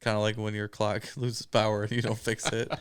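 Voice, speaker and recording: A man's voice: fairly low pitch, completely flat delivery, brisk, smooth, dry recording, clean studio sound. A man from Michigan co-hosting a casual movie podcast, laughing often as he loosely retells scenes. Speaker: podcast co-host.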